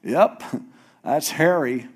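A man's voice: on the high side, takes it slowly. A man doing a suspicious old blind father.

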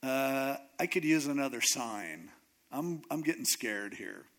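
A man's voice: mid-range voice, lively intonation, measured pace, fairly bright tone. A man doing a timid, self-doubting young man. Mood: nervous. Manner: nervous and protesting.

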